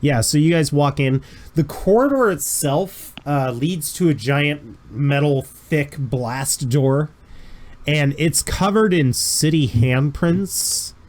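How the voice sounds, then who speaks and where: A man's voice: fairly high pitch, expressive, takes it slowly, darkish tone. A man running a tabletop role-playing game as game master, narrating scenes in a casual, descriptive way. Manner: casual, descriptive, chuckling asides.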